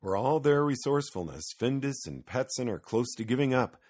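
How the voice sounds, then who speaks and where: A man reading a children's Christmas story aloud with lively, expressive storytelling. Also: medium pitch, fairly quick, slightly rough. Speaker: narrator.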